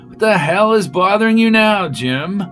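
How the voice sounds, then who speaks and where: A man reading aloud as a gruff, irritable male inspector who blusters and complains. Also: high voice, expressive, normal speed, fairly bright tone, faint music behind, pitched above the performer's own voice. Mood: irritated. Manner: blustering, exasperated.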